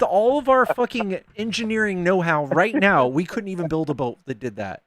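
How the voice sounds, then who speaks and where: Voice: mid-range voice, lively intonation, normal speed, hardly any pauses, a bit bright, dry recording, studio quality. A debate host in a casual heated argument, blunt, profane and mocking.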